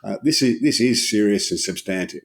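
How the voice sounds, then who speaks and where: Gravelly low man, measured. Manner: measured, cautious. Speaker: podcast co-host. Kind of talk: casual political chat.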